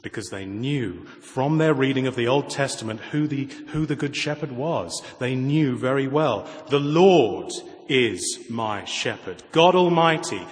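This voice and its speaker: Preacher in an echoing hall. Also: male voice, medium pitch. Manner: expressive preaching, dropping to quiet asides, rhetorical questions. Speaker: pastor. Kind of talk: sermon. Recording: long reverb of a large hall.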